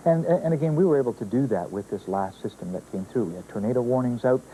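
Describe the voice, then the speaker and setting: Dark-voiced hesitant male forecaster. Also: medium pitch, expressive, slight background noise, low-quality recording. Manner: halting, explanatory, many fillers. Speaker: weather forecaster. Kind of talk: interview answers.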